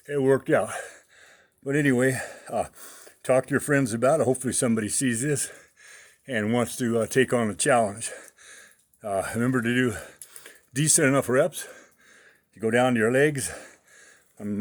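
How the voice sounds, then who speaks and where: A slightly out-of-breath man talking casually to camera about his workout, rambling with many fillers. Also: medium pitch. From United States. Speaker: fitness vlogger.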